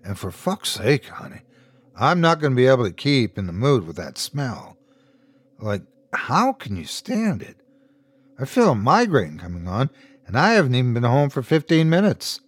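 A man's voice: medium pitch, big pitch swings, normal speed, breathy edge, no room sound. Man doing an exasperated, snapping husband. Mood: irritated. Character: stunned, angry husband, adult man.

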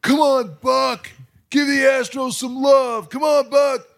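A man imitating a rowdy, drunk male baseball fan who yells and swears in a high, strained voice. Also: steady tone, slow, creaky, heavily acted. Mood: taunting. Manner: yelling, swearing, flip-flopping.

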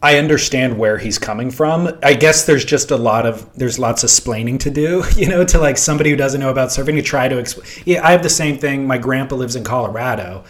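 A man's voice: medium pitch, brisk, hardly any pauses. A man co-hosting a casual podcast chat in a laid-back way, full of "like" and "you know". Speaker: podcast co-host.

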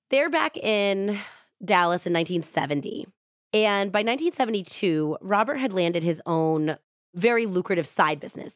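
Low-voiced woman telling a true crime story. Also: no room sound, clean studio sound. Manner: casual and chatty, with frequent "like". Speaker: podcast host.

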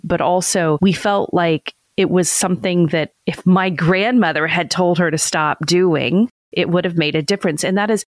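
A woman in her forties talks in a casual, reflective way and laughs easily. Her voice sits on the low side and comes through close and dry, with no room sound. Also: no room sound. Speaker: podcast co-host. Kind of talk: casual conversation.

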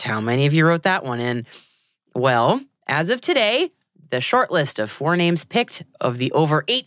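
Woman podcast host, low-ish voice, jokey and conversational, dry studio sound. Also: no echo. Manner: chatty, jokey asides. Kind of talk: scripted news podcast reading.

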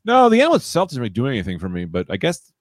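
Man, podcast host, playful riffing, animated pitch, dry studio sound. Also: racing, no room sound. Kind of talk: casual comedic podcast banter.

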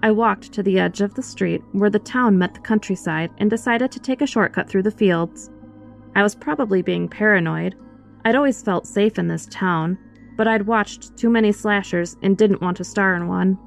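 A woman with a creaky, mid-range voice reads a first-person horror story at normal speed. She uses an expressive storytelling style from a script, and faint music sits underneath.

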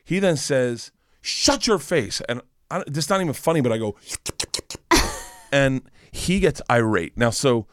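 A man's voice: mid-range voice, lively intonation, normal speed, hardly any pauses, smooth, no room sound, clean studio sound. A man telling a long rambling story in casual chat, profane and self-deprecating.

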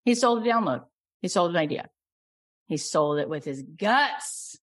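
Middle-aged woman coach selling her program, gushy, gets loud and punchy. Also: lowish voice, animated, a little slow. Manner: effusive, gets loud and emphatic. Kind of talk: sales pitch on a live coaching call.

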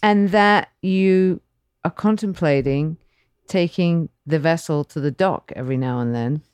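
A woman guest in a casual chat, speaking calmly and supportively. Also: low-pitched, a little slow, clean tone, dry recording.

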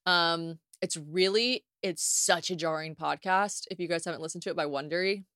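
A young woman from the United States hosting a casual solo podcast, telling stories in a chatty, animated way with plenty of swearing and acted-out quotes. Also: on the low side, moderate pace, clear, resonant tone, dry recording, clean studio sound. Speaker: podcast host.

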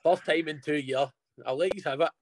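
A man's voice: on the high side, brisk, a loud crowd. A Scottish man joining a football podcast as a fan, complaining bluntly and swearing. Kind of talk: casual football chat.

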